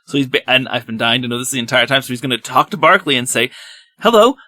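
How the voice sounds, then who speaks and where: Player, male, bright tone, dry close sound, hesitant, lots of ums. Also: mid-range voice, steady tone, racing, no echo. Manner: hesitant, many fillers. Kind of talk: tabletop game play.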